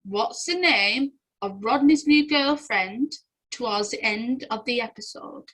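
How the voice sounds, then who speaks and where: A woman's voice: on the high side, measured pace, a bit bright, poor audio. A young woman, chatting casually as she goes through quiz answers and laughing often. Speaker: quiz host.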